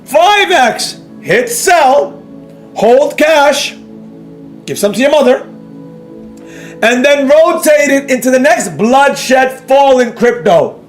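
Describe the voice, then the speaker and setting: Soft background music plays as a man with a very high, lively voice speaks slowly on his live trading stream. He reads viewer chat and answers it, lecturing and scolding his audience with repeated emphasis and rhetorical questions in a rant.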